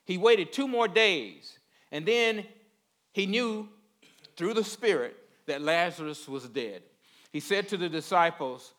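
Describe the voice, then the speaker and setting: Folksy preacher, fairly high male voice. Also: takes it slowly, a bit bright. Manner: folksy, repeats words, checks in with listeners. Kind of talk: conversational sermon.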